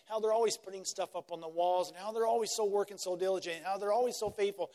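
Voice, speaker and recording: High-voiced pastor preaching in a reverberant church. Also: male voice. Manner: conversational, repeats phrases, frequent "right?" tags. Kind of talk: sermon.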